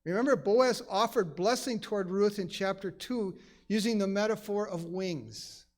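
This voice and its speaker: A man with a high-pitched voice speaks at a normal pace while leading a conversational Bible study in a church. He is emphatic and chatty, acting out quoted lines and dropping in plenty of "you know" asides.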